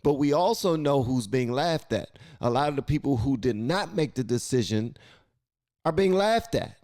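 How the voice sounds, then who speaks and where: A man's voice: mid-range voice, animated, normal speed, a little mellow, no echo, studio quality. A man hosting a reaction video, talking in a loose, colloquial way and often repeating himself. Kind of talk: casual reaction commentary.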